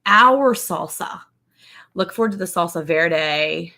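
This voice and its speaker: A woman's voice: lowish voice, expressive, takes it slowly, pushed and bright. A middle-aged woman, chatting casually and laughing as co-host of a homestead livestream, greeting viewers by name.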